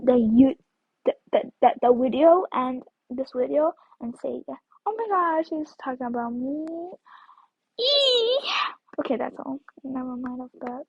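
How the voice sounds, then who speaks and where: A woman's voice: high voice, vocal fry, slightly rough, no echo. A woman giving casual gameplay commentary as a video creator, rambling and repeating words, with sudden squeals and whispers. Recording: dull lo-fi recording.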